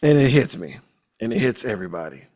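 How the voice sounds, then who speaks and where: A man's voice: on the low side, fast. A man hosting a podcast, recapping a movie in a casual, jokey, profane way. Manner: animated, profane, jokey storytelling. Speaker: podcast host.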